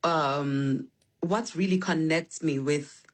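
Woman, musician guest, animated storytelling, lots of ums, phone line. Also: sits low, slow. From South Africa. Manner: animated, spiritual storytelling with many restarts and fillers. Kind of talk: remote interview.

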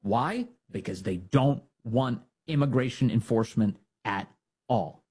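A male talk-show host with a husky, slightly rough voice, his pitch swinging widely as he mocks his opponents. He talks in a sarcastic, opinionated monologue and keeps slipping into exaggerated impressions of the people he criticizes. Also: lively intonation, a little slow, darkish tone. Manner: sarcastic, mocking, acts out quoted voices. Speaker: political commentary host.

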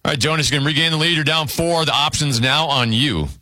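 A man hosting a word game show, briskly announcing scores and clues. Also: fairly high pitch, sharp tone, dry recording.

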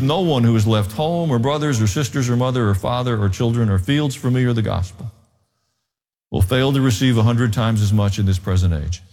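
A man preaching a sermon, telling the story with animated delivery, sudden pitch swings and dramatic pauses. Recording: long hall reverb.

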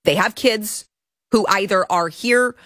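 A woman's voice: medium pitch, a little slow, fairly bright tone, dry recording, clean studio sound. A woman from Texas hosting a commentary stream, ranting indignantly and stumbling over restarts as she talks. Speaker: political commentary host. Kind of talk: opinion livestream commentary.

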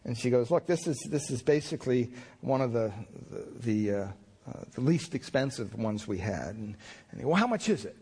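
A man's voice: medium pitch, normal speed, dark tone, husky. A male pastor preaching a sermon in a conversational storytelling way, with restarts and chuckles.

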